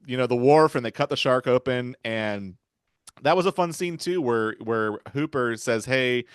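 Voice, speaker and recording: A man's voice: mid-range voice, normal speed, smooth, no room sound, clean studio sound. A man hosting a podcast, retelling film scenes in a rambling, casual way with chuckles. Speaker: podcast host.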